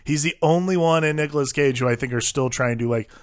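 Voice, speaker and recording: A man's voice: on the high side, quick pace, no echo. Man, podcast co-host, casual movie chat, rambling, profane, dry close sound. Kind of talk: casual film discussion.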